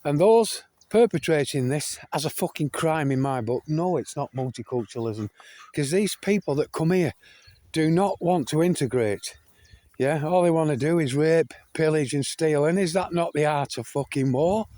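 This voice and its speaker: Speaking at normal speed in a dark-toned, higher-than-average voice, this older UK vlogger delivers an emphatic, profanity-laden monologue to camera with lively intonation. He repeats himself, restarts, and keeps addressing listeners as folks, and the recording has no echo.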